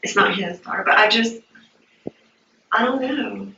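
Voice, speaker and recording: A woman's voice: mid-range voice, a little slow, creaky, pushed and bright, slight background noise. A woman recounting events to a detective in a police interview, hesitant and stumbling, repeating her words. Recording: muffled roomy archive interview tape, distant.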